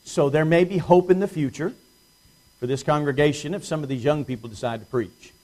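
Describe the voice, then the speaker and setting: A man preaching an evening Bible study to his congregation, plainspoken, with dry self-deprecating humor and slow emphasis on key words. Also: fairly high pitch, darkish tone. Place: church congregation.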